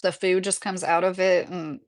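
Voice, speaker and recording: A woman hosting a casual live stream from her rural home, rambling through stories with lots of fillers as she answers her chat. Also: lowish voice. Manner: chatty, rambling, with frequent fillers.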